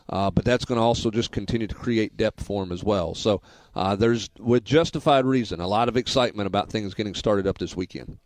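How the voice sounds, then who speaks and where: A man talking casually as a sports reporter guest on a radio show, chatty and quick to laugh at himself. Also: lowish voice, no echo.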